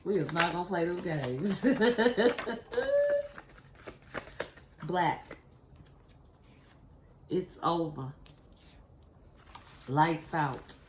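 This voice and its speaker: A woman's voice: deep voice, very slow, long pauses. A woman giving a casual spiritual card reading to her viewers, blunt and profane, speaking straight to them. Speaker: tarot card reader. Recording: echoey room with faint noise.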